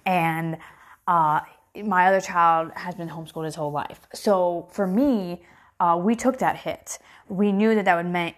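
A woman, a mother talking to her followers in a casual chat, candid and emotional, rambling with fillers and restarts and climbing higher when she gets worked up. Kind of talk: casual direct-to-camera chat.

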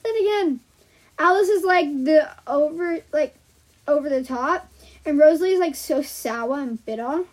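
A woman casually chatting and retelling film scenes in an animated, rambling way, full of "like," while drawing. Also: sits high, normal speed. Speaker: host.

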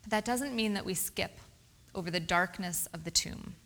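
A woman preaching a sermon, reading scripture aloud and asking the congregation questions in an expressive way. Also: medium pitch, normal speed. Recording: reverberant hall.

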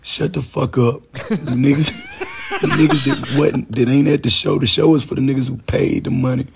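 A man's voice: medium pitch, lively intonation, normal speed, creaky, noisy background. A man on stage in a profane, repetitive, drawling rant to his crowd. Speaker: rapper on stage. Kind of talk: rambling onstage rant.

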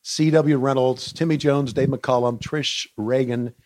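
A man with an Oklahoma accent co-hosting a wrestling podcast, calling the match play-by-play and getting excited. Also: medium pitch, unhurried. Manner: excitable play-by-play, shouting counts. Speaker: podcast co-host.

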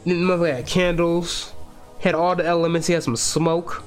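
A young adult man hosting a podcast, giving a loose, profane, slangy and excitable film breakdown in a casual monologue. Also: a little high, fairly quick, soft background music. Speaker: podcast host.

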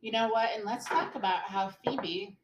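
A woman's voice: normal speed, lo-fi sound, background noise. A woman co-hosting a podcast in casual chat, playful and emphatic. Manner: playful, emphatic, jumps up in pitch when excited. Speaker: podcast co-host.

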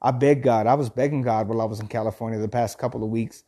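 A man speaks in a warm, relaxed, mellow tone. He reads a passage aloud and then moves into earnest motivational talk. He circles back and repeats his phrases as he goes. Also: medium pitch, fast. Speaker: host of a thirty-day motivational journey.

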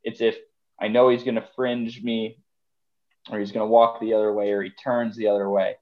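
Flat in delivery and moderate in pace, a lowish-voiced man rambles as a podcast guest, dropping in plenty of fillers. He's a deer hunter speaking casually, and the sound is lo-fi.

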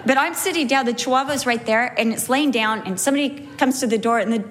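A middle-aged woman teaching from the Bible, telling lively stories and slowing down to stress key points. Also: on the high side. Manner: animated storyteller, slows for emphasis. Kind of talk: sermon teaching with anecdotes.

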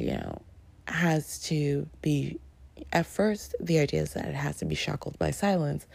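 A woman chatting casually as she reviews a book, gushing with lots of fillers and sudden excited jumps in pitch. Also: creaky, husky, no room sound.

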